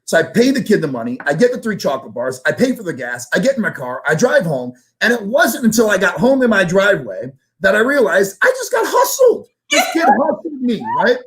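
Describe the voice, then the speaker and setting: A man telling a story in a casual show conversation, animated, acting out the voices of the people in it. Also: high voice, fast talker, hardly any pauses. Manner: animated, acts out voices in anecdotes, casual swearing. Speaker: guest storyteller.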